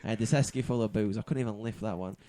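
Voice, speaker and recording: A man's voice: fairly low pitch, racing, warm tone, a little hiss or hum. A young man from the UK, a guest telling rambling stories in casual chat on a podcast, laughing through his tales. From United Kingdom.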